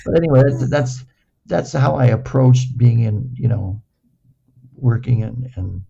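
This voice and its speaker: A man's voice: mid-range voice, lively intonation, unhurried, gravelly, dark tone, slightly rough, lo-fi sound. An older man recovering from a stroke tells playful anecdotes, repeating words and acting out the dialogue. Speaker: guest. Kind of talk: casual anecdotal storytelling.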